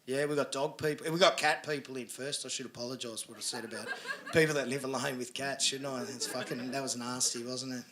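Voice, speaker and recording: A man with an Australian accent doing a crude stand-up set, swearing and building into loud storytelling. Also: mid-range voice, steady tone, quick pace, a crowd in the background. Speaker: stand-up comedian. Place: comedy venue with audience laughter.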